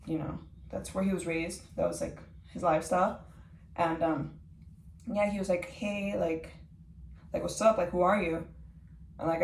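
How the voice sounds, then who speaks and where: A woman's voice: lowish voice, gravelly, a little mellow, a little hiss or hum. A young woman telling her personal story in a rambling way, filling her talk with "like" and "um". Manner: rambling, heavy use of "like" and "um". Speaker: vlogger. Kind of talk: personal testimony. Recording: echoey room from far off.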